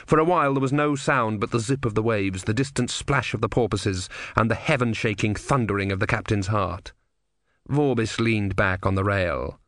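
A man reading an audiobook in measured, dry storytelling narration. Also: fairly low pitch, a bit bright, no room sound. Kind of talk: scripted narration.

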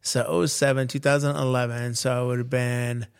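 A man's voice: medium pitch, normal speed, gravelly, smooth. A man in his forties hosting a podcast, telling a story in casual chat and acting out the other people in it. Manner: animated storyteller, acts out quoted voices. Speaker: podcast host.

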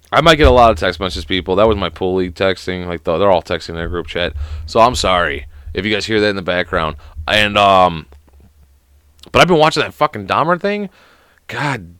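A man's voice: medium pitch, lively intonation, fairly quick, a bit bright, clear, resonant tone, no room sound. A man, sick at the moment, rambling through a casual solo podcast rant, swearing often and filling gaps with "like". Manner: profane, rambling, heavy on "like" fillers. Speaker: podcast host.

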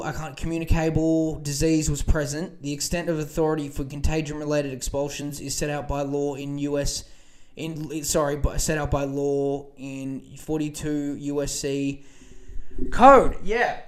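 A man hosting a podcast, giving casual political commentary in a rambling, profane rant full of fillers and restarts. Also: on the high side. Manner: profane, rambling, animated rants with many fillers. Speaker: podcast host.

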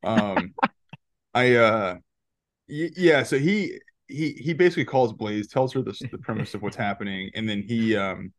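A man's voice: fairly low pitch, expressive, a little slow, no room sound. A man co-hosting a podcast, rambling through a movie recap in casual chat, laughing often and restarting his sentences. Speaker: podcast co-host.

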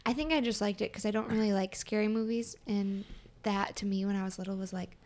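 A woman's voice: medium pitch, a little fast, a little mellow, a little hiss or hum. Giggly woman co-hosting a podcast. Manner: giggly, upbeat. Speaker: podcast co-host. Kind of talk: casual chat.

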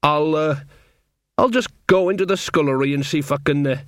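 A man's voice: a little high, fairly quick, no room sound, studio quality, voice pushed up, lightly acted. A man reading an audiobook, voicing a gossipy, folksy old village witch woman with coarse, rambling talk. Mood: gossipy, flustered.

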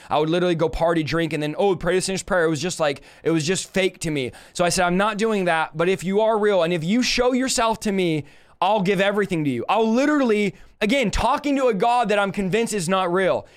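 A man's voice: high-pitched, clear, resonant tone. A man in his thirties telling his testimony on a live stream as a preacher, fervent and emphatic, repeating phrases and speaking straight to his viewers.

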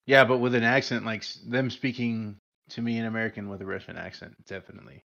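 A man co-hosting a casual podcast chat in a relaxed way, his voice often dropping to a low murmur. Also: quick pace, vocal fry, dull audio. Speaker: podcast co-host.

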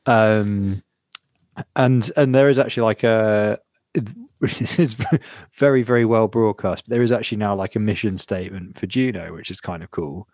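A man with a lowish voice co-hosts a podcast in casual chat, rambling, interrupting himself, and laughing often. The recording is dry, clean studio sound.

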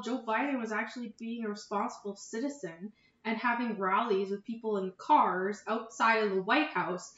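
A Canadian woman co-hosts a casual podcast in a somewhat high voice. She speaks bluntly and agrees readily. The room sounds echoey and the recording is dull. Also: moderate pace, a bit bright. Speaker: podcast co-host. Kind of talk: casual chat.

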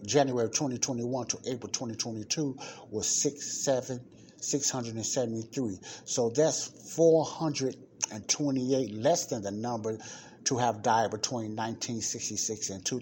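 A man's voice: mid-range voice, dark tone, slight background noise. Emphatic man reading figures aloud. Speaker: podcast host. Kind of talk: casual commentary, reading an article aloud.

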